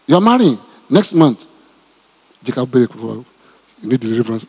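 A Nigerian-accented male pastor teaches from scripture in a mellow, slightly husky voice pitched a little high. He talks in an animated, repetitive way and tosses joking asides to his listeners. His words ring out with a long reverb, as in a church hall. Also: normal speed, pauses often. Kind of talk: teaching sermon, Bible study.

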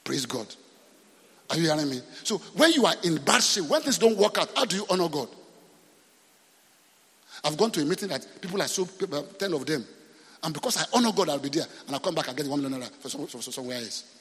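A man's voice: on the high side, lively intonation, fast talker, a bit bright, husky, long reverb tail. A man with a Nigerian accent preaching a sermon as pastor, often asking the congregation questions and repeating himself.

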